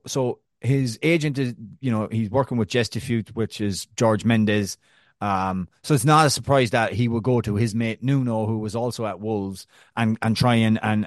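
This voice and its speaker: A man from Arkansas co-hosting a casual sports podcast, jokey and animated, often laughing. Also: mid-range voice, no echo, clean studio sound. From Arkansas, USA. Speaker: podcast co-host.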